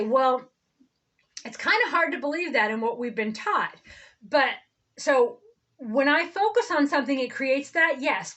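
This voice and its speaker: A woman with a high voice talks through a loose spiritual monologue. Her tone runs sarcastic, and she wanders off on tangents, stopping and restarting her thoughts as she goes. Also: fairly bright tone, rough recording. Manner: sarcastic, digressive, self-interrupting. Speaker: reverend, online host.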